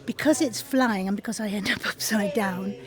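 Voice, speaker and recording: An older woman, a stage actor telling backstage stories in a lively, self-deprecating way with frequent laughs. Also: mid-range voice, normal speed, crowd noise. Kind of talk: backstage storytelling. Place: theatre backstage.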